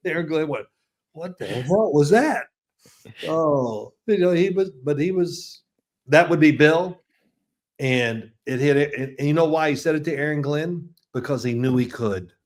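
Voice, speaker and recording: This guest, a man in his sixties who analyzes football, has a voice on the high side and a moderate pace. He rambles through chatty stories in a relaxed interview, often restarting and chuckling.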